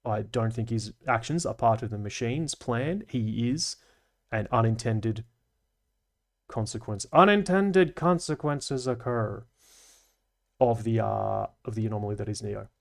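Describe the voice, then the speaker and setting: A man's voice: medium pitch, measured pace, gravelly. Australian man hosting a livestream. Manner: chatty and analytical, dry asides and Aussie slang. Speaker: livestream host. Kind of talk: casual livestream debrief, reading comments.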